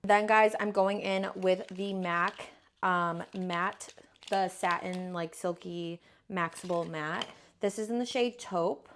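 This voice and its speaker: A woman's voice: lowish voice, fairly even intonation, takes it slowly, slight background noise. Young woman vlogger, casual makeup chat, playful slang and fillers, self-deprecating. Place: home.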